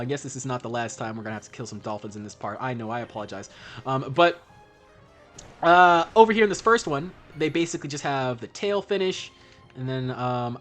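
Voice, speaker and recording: A man's voice: fairly high pitch, sharp tone. A man giving casual gameplay commentary as a streamer, rambling and profane with self-help musings. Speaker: streamer playing an online role-playing game.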